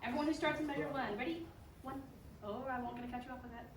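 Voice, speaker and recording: In an echoey rehearsal room, a school band plays while a woman gives upbeat, encouraging instruction and sings out rhythms. Her voice sits high and moves fast; the mic is distant and the background is noisy.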